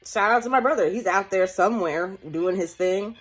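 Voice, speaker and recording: A woman's voice: medium pitch, normal speed, husky. A woman in her late twenties talking in a personal, reflective vlog at home. She rambles with many restarts, laughs often and comes close to tears. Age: late 20s. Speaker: vlogger.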